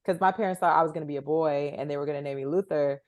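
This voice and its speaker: A young woman with a lowish voice chats on a podcast. She tells stories in an easygoing way and giggles often. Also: steady tone, racing, darkish tone, dry recording. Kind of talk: casual chat.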